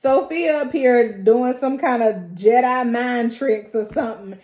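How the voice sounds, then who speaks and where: Sassy, animated woman recapping a show. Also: a little high, unhurried, echoey room. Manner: animated, sassy asides, laughs often. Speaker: TV recap host. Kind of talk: casual recap and reaction.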